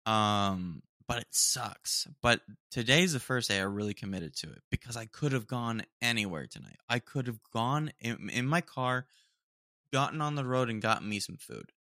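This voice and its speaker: This young solo podcast host rambles casually from a home room, leaning on "dude" constantly. He speaks at a moderate pace in an animated, bright, forceful mid-range voice, with clean studio sound and no room sound.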